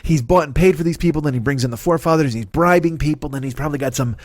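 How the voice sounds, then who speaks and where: A man's voice: fairly high pitch, rapid-fire, no room sound, studio quality. A man in his fifties doing a rambling, profane comedic monologue as a podcast host. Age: 50s. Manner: profane, ranting, animated.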